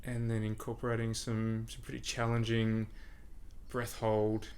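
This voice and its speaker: Gravelly-voiced man chatting. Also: fairly low pitch, unhurried, slight background noise. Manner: relaxed, laughs often, explains with examples. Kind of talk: casual conversation.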